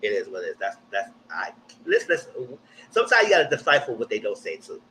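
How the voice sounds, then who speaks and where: A man giving a blunt, slangy live recap of a TV show, jumping up high in pitch when he quotes people. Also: quick pace, a little hiss or hum, rough recording. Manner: animated, jumps high when quoting people. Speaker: TV recap streamer. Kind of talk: live casual TV recap commentary.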